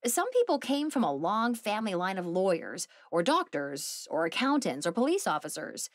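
A woman narrates a cozy mystery audiobook from a script, telling the story expressively in a mid-range voice at a moderate pace. The studio-quality recording has no room sound.

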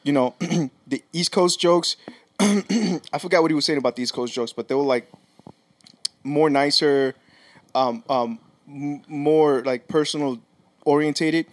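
A man's voice: on the high side, fairly even intonation, a little slow, dry recording. A man in casual podcast talk, rambling through anecdotes, swearing freely and restarting sentences. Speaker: podcast co-host.

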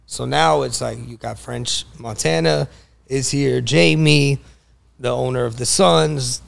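A man's voice: medium pitch, a little slow, vocal fry. A man on a podcast, a guest telling stories casually and acting out the lines of the people in them. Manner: animated storyteller, acts out quoted dialogue. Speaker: guest, car broker.

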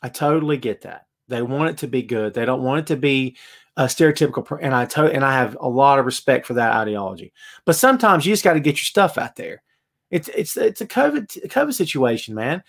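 Excitable man ranting on a show. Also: mid-range voice, a little fast, vocal fry. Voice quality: animated, excitable, ranting delivery. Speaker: wrestling podcast host. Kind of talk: live show, reading chat comments.

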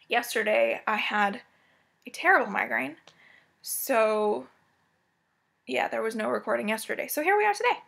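A woman's voice: a little high, gravelly, fairly bright tone. A woman vlogger at home giving a casual, rambling cross-stitch update full of asides.

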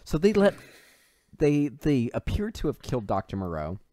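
A man's voice: mid-range voice, moderate pace, no echo. A man in casual podcast chat, walking through a film's plot with plenty of swearing and bits of quoted dialogue. His voice sits in a middle register. The sound is dry and close, with little room around it. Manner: profane, animated retelling with put-on character quotes. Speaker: podcast co-host. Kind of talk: casual movie recap chat.

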